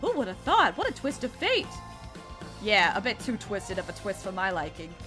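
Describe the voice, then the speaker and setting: A woman voicing a weary, gruff middle-aged male police detective in game dialogue. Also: huge pitch swings, moderate pace, sharp tone, soft background music. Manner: low, tired, gruff. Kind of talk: game dialogue read aloud.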